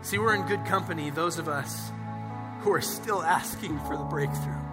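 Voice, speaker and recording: A man's voice: fairly high pitch, normal speed. Impassioned male pastor, reverberant church hall. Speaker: pastor preaching a sermon. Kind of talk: sermon. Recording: long hall reverb with music behind.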